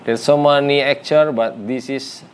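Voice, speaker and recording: A man teaching graphic design in a lesson, speaking non-native English with an Indonesian first language, pausing often with fillers and restarts. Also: medium pitch, fairly even intonation, a little hiss or hum.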